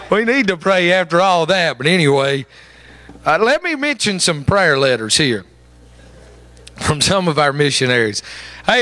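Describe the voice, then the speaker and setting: A man's voice: fairly high pitch, very animated, a little slow, pauses often, pushed and bright, no room sound. A man making church announcements, telling stories in a folksy, joking way and chuckling between lines. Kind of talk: pulpit announcements and storytelling. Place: church sanctuary.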